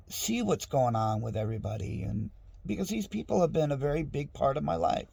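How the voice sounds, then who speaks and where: A man's voice: a little high, gravelly, darkish tone, breathy edge, dry recording. A middle-aged man in a casual, rambling monologue at home, frustrated and restarting often. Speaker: vlogger. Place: home with dogs nearby.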